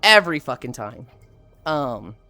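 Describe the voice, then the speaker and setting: A woman's voice: deep voice, a little slow, soft background music. A woman streamer telling rambling stories from her school days in casual, profane chat while greeting viewers. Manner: profane, rambling, animated retelling.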